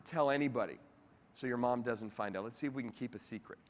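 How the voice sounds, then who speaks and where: A man voicing his calm wife, who gently suggests keeping a secret, in an echoey convention hall. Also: mid-range voice, quick pace, natural voice. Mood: suggesting. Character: calm, thoughtful wife with a plan.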